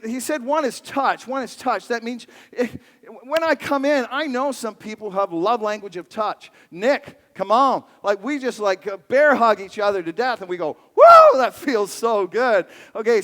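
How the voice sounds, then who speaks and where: A high-voiced male pastor preaches in a playful, lively way, his pitch swinging widely as he jokes with the crowd. His voice carries a long reverb from the large church sanctuary. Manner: animated, playful, jokes with the congregation. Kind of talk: sermon.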